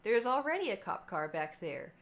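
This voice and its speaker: A young woman chats to her stream, telling a story in a loose, animated way. She acts out the other people's lines and fills the gaps with "like" and "um." Her voice sits at a mid pitch. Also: normal speed, loud music behind the voice. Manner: chatty, animated quoting of others, many fillers. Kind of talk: casual storytelling to stream chat.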